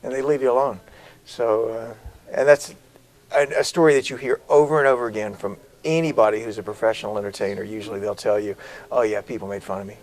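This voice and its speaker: A middle-aged man from South Carolina, an actor telling stories as a guest in an interview, with lively, varied delivery. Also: on the low side, quick pace, rough recording. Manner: animated storyteller, varied delivery. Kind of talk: interview conversation.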